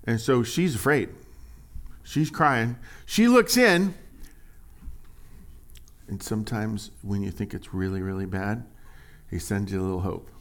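Animated conversational male preacher. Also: lowish voice, measured pace, pauses often. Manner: conversational, animated, reads scripture aloud with rising emphasis. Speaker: pastor. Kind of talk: sermon.

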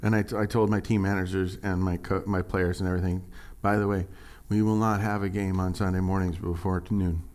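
A middle-aged man preaching as a pastor, conversational and joking with the congregation, acting out quoted lines in a higher, excited voice. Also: brisk, hardly any pauses. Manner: animated storytelling, acts out quotes in a higher voice. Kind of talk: sermon.

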